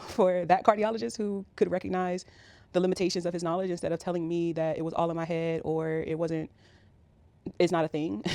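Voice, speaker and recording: A woman's voice: fairly low pitch, creaky, warm tone, no room sound. A woman in her thirties telling a personal story in a casual, rambling way, with many fillers. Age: 30s. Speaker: vlogger.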